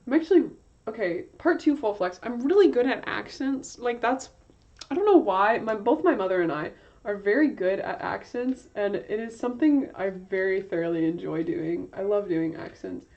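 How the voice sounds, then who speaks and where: A woman's voice: mid-range voice, lively intonation, moderate pace, a little mellow. A young woman chatting casually on her art livestream, rambling with lots of fillers and correcting herself as she goes. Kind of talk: casual livestream chat while drawing. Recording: slightly dull lo-fi stream audio.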